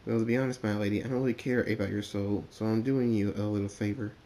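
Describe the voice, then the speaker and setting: A man voicing a polite, sly male demon pony servant who speaks calmly and stumbles over words. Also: on the low side, fast, lightly acted. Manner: courteous, calm, stammering.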